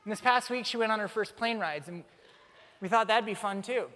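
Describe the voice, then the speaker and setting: A young man preaching a sermon as a pastor, telling stories with animated, self-mocking humor. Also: sits high, fairly quick. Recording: long reverb of a large hall.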